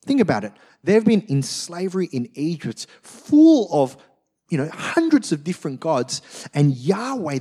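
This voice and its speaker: A man preaching a sermon, telling stories with animated acted-out quotes. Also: high voice, husky. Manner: animated storytelling, acts out quotes. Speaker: pastor.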